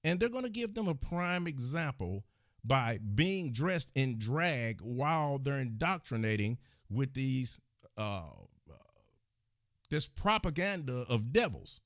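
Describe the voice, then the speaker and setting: A man's voice: medium pitch, big pitch swings, slow, no room sound, studio quality. A man hosting his own channel, delivering a heated, indignant commentary rant and scolding his viewers as he talks. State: agitated. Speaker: channel host. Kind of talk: angry commentary rant to the camera.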